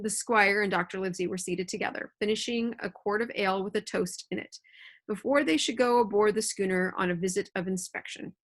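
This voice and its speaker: A woman's voice: mid-range voice, fairly bright tone. Casual chatty woman teacher. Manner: casual, chatty, checks in with listeners. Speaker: middle school English teacher. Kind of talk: reading aloud and explaining a novel to students. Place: at home. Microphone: computer mic.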